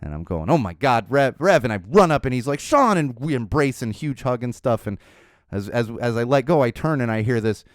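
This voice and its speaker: Male podcast host, casual rambling storyteller, smooth clear tone, dead-dry recording. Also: mid-range voice, expressive, a little fast, no room sound. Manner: rambling, with many fillers and restarts.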